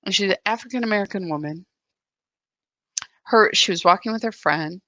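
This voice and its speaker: A woman's voice: mid-range voice, fairly quick, sharp tone, no echo. A woman hosting a live spiritual practice, talking in an earnest, confessional and searching way. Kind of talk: live reflective spiritual talk.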